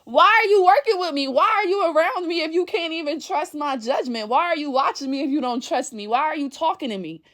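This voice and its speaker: A woman's voice: sits high, expressive, brisk, hardly any pauses, a bit bright. A woman vlogger ranting to camera in a blunt, profane, exasperated way. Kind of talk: casual rant to camera.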